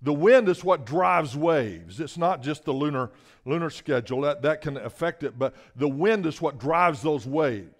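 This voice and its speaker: A man preaching a sermon in a voice that sits a little on the high side. He drops to hushed asides and then rises into loud, emphatic bursts. He calls out to the congregation for a response as he goes. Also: animated, moderate pace.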